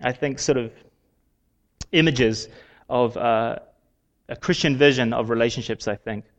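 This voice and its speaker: A man giving a sermon in a conversational way, with frequent pauses and fillers. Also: medium pitch, dull audio. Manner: conversational, halting with many fillers. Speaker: preacher.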